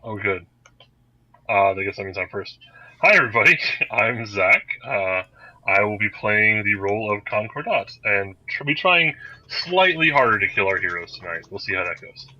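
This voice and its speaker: A man's voice: lowish voice, expressive, moderate pace, bright, forceful tone, no echo, muffled recording. A man running an online tabletop game as game master, talking in a wry, joking way over a computer mic on a voice call.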